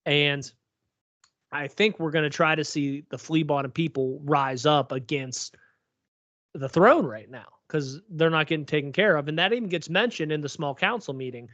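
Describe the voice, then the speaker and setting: Higher-voiced man in casual recap chat. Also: normal speed, a bit bright, dry recording. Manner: rambling, lots of "like" and "um". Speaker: podcast co-host. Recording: dull lo-fi recording.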